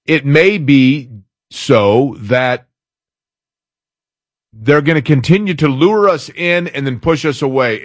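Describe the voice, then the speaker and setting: A man's voice: medium pitch, no room sound, clean studio sound. Talkative man hosting sports talk. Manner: opinionated, rambling, reads listener emails aloud. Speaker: sports radio host.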